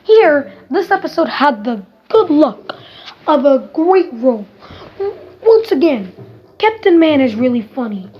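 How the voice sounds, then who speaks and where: A woman's voice: high voice, very animated, a little slow. A woman giving a casual spoken review of a TV episode, exasperated and emphatic, ranting and swearing casually. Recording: dull lo-fi recording.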